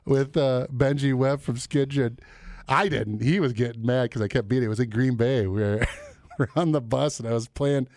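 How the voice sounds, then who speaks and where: A man's voice: medium pitch, no room sound. A man hosting a radio morning show, trading casual banter and telling stories with lots of laughter and voice mimicry. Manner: animated storyteller, laughs often, mimics voices.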